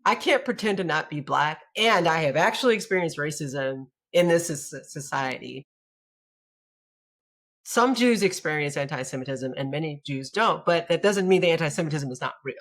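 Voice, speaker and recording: A woman rabbi talks through her thoughts in a relaxed interview. She is reflective and restarts her sentences, then turns lively and laughs as she tells stories. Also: deep voice, normal speed. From United States. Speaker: guest, rabbi. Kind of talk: conversational interview.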